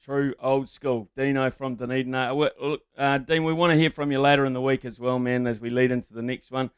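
A man's voice: mid-range voice, fairly even intonation, fairly quick, smooth, no echo, clean studio sound. A man hosting a talkback radio show, jovial and matey with his callers. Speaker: radio host.

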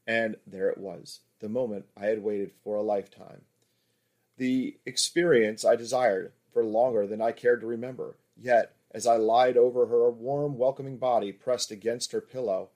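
A man narrating an erotic audiobook in the first person, steady and intimate. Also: fairly low pitch.

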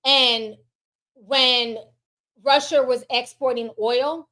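A woman with a high, bright voice hosts a casual livestream. She reads out super chats and answers them in a sassy, animated way, swearing freely and talking straight to her viewers. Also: slow.

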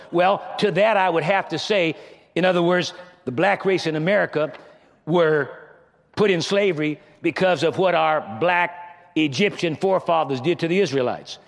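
A man's voice: a little high, gravelly, fairly bright tone. A male pastor preaching to his congregation in a conversational style, speaking to them directly. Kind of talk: sermon. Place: church sanctuary.

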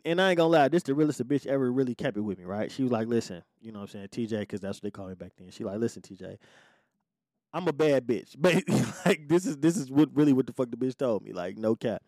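A man's voice: mid-range voice, expressive, a little fast, darkish tone, no echo, studio quality. A man hosting a podcast, telling a personal story in casual talk, heavy on profanity and acting out what people said. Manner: profane, acts out quoted lines. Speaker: podcast host.

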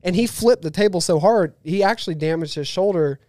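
A man guest on a podcast, telling a story in a lively, fast-paced way. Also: sits high, dry recording. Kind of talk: casual storytelling.

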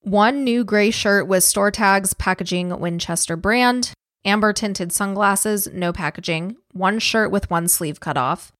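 A woman's voice: medium pitch, a little slow, fairly bright tone, dry recording, clean studio sound. A woman co-hosting a podcast, telling a true-crime story in a casual, profane, chatty way and laughing easily. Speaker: podcast co-host.

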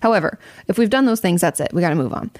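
A woman's voice: on the low side, expressive, racing, darkish tone, no echo, clean studio sound. A young adult woman hosting a casual advice talk, candid and conversational, swearing freely as she answers audience questions from home.

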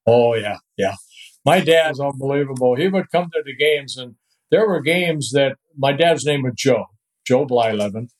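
Older male guest from the Netherlands; relaxed, chatty anecdotes with easy chuckles. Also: medium pitch, moderate pace, rough recording. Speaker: guest, retired pitcher. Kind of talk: storytelling in a podcast interview.

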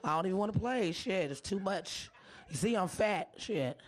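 A woman comedian doing a live stand-up set with a hoarse voice. She is brash and profane and teases the audience. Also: mid-range voice, expressive, normal speed.

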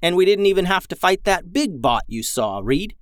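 A man's voice: high voice, sing-song, moderate pace, a bit bright, no room sound, clean studio sound, voice pushed up. A man playing a bold, upbeat young boy. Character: confident young boy, the brother who leads.

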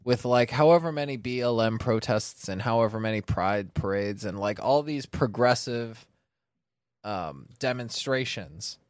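A young man talks in casual chat, joking and quick to chime in. His pitch moves around a lot, and the sound is dry and close to the mic. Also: no echo.

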